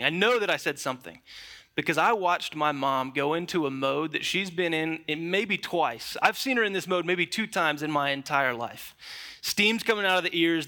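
A young man preaching a sermon, opening with a lively, conversational personal story before moving into scripture. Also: a little high. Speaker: pastor. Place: church.

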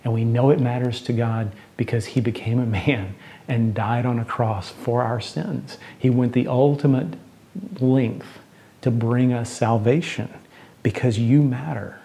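A middle-aged man with a lilt preaches in an earnest, conversational way. His voice is warm and relaxed, never bright. His pitch sits in an ordinary middle range. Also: unhurried, gravelly. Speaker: pastor. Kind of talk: sermon with storytelling and closing prayer.

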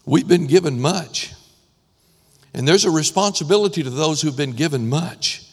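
A man preaching a sermon with impassioned, rising and falling emphasis, his voice going hoarse. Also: fairly high pitch, animated, normal speed, in a large hall. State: losing his voice. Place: church sanctuary.

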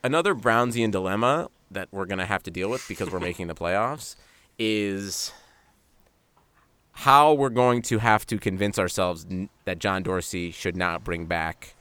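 A man co-hosting a sports podcast, chatting casually and ribbing with animated sarcasm. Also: low voice, unhurried, smooth. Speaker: podcast co-host.

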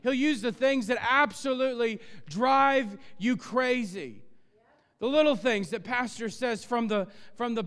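High-voiced male pastor preaching with passion. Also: measured pace, clear, resonant tone. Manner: impassioned, rising to loud emphatic peaks. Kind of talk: sermon. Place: church sanctuary. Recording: long church reverb.

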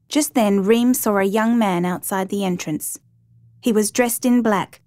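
A woman narrating a true crime story in a steady, measured reading voice. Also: medium pitch, no echo.

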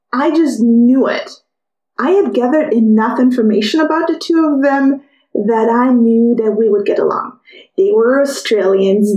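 A woman with a fairly high voice tells a personal story on her podcast. She is lively and acts out what other people said. Her voice sounds echoey, as if she is in a bare room. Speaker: podcast host.

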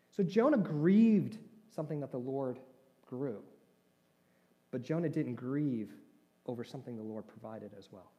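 A man's voice: a little high, expressive, a little slow, warm tone, highs cut off. A man preaching a sermon as a pastor, talking conversationally and putting questions to his listeners. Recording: long reverb of a large hall.

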